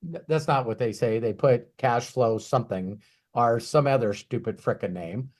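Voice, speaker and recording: A man coaching in a Q&A talk, emphatic and ranting, swinging from quiet asides to loud bursts. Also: mid-range voice, moderate pace. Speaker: business coach.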